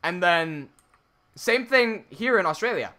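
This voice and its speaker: A chatty man from Hong Kong with an American-sounding accent, talking on a casual game livestream. His voice is bright and clear, and he reads viewer messages and restarts his sentences often. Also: sits high, lively intonation, unhurried. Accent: American-sounding English. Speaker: Minecraft livestreamer. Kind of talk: casual livestream chat while building.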